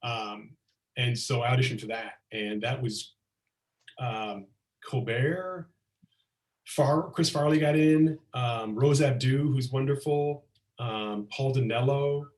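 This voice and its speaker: A middle-aged man telling lively anecdotes as a comedian guest, slipping into acted-out quotes, on a video call. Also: medium pitch, takes it slowly. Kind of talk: casual storytelling chat. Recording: roomy echo, far from mic.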